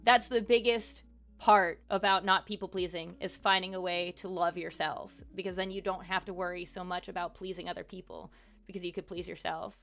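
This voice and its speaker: A woman's voice: on the low side, fairly even intonation, fairly quick, gravelly, a bit bright, muffled recording, soft background music. A woman streamer talking casually to her live chat, with lots of fillers and asides. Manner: chatty, frequent fillers.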